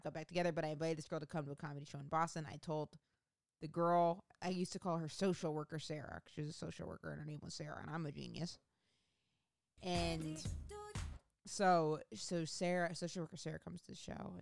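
A woman's voice: low voice, creaky, no room sound, studio quality. A woman comedian telling a rambling, profane story about her own life in a casual, self-mocking way.

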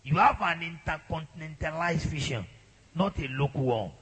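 A man preaching a sermon as a pastor, leading a congregation in loud, exhorting prayer. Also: fairly high pitch, animated, normal speed, breathy edge.

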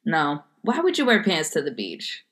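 A woman's voice: low voice, huge pitch swings, normal speed, a bit bright. Woman teasingly quizzing a friend. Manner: teasing, giving clues in example sentences. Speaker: quiz giver in a word game. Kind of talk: casual chat.

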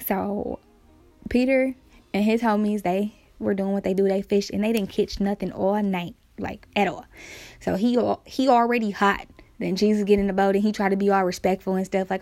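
A woman's voice: mid-range voice, fairly even intonation, fairly quick, a little mellow, no echo. A woman casually retelling Bible stories in slang, acting out the quotes with playful energy.

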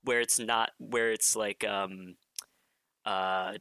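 A man with a lowish voice and a bright, forward edge, chatting on a casual podcast. He talks in halting bursts, restarting his sentences as he searches for words. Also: fairly even intonation, clean tone. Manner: hesitant, many fillers and restarts. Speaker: podcast co-host. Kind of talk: casual chat.

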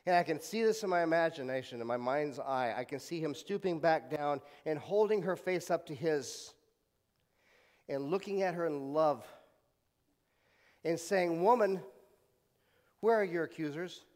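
A male pastor with a somewhat high voice delivers a sermon. He tells the story dramatically, dropping from strong emphasis to hushed tones, and has the congregation repeat scripture after him. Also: moderate pace, long reverb tail. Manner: dramatic retelling with swings from loud to hushed; leads congregation in call-and-response repetition.

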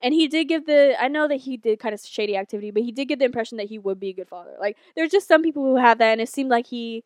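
A woman's voice: fairly high pitch, animated, racing, dry recording, studio quality. A young woman co-hosting a podcast, telling a long rambling story in casual, profane chat. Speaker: podcast co-host.

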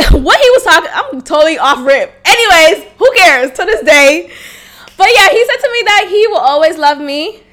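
A woman in her twenties talks through her own life on a solo podcast, frank, casual and quick to swear or laugh. Her voice sits high and comes across bright and forceful. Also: very animated. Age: 20s. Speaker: podcast host. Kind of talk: candid solo podcast storytelling.

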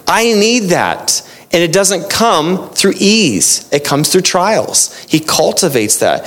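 A man preaches a sermon in a loose, conversational way. He slips into animated quoted voices and mixes quick bursts with slow, emphatic phrases. His voice sits at an ordinary pitch for a man. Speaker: pastor.

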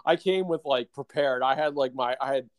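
A man's voice: medium pitch, normal speed, no echo. A man co-hosting a podcast, telling a long story in casual chat, full of fillers and laughs. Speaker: podcast co-host.

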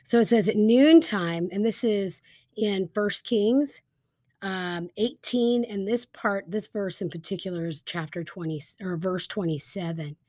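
A woman teaching a Bible story in a casual, lively storytelling way, with frequent fillers like "um" and "like". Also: mid-range voice, a little slow, no room sound, clean studio sound.

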